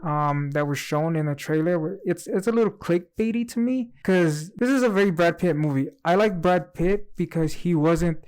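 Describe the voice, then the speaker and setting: A man co-hosting a casual movie review chat, giving his opinions in a relaxed, rambling way. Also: a little high, normal speed, hardly any pauses, smooth.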